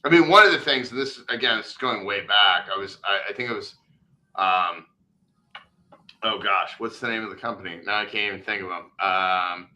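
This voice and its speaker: A man's voice: on the low side, normal speed, bright, forceful tone, low-quality recording. A male podcast co-host in casual chat, rambling and thinking aloud with lots of fillers and restarts.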